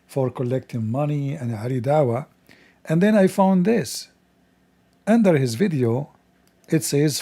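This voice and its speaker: A male host delivers scornful commentary in broken English, full of sarcasm and insults. His voice sounds rough and strained, with a dark, mellow tone. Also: fairly high pitch. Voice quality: non-native English with broken grammar.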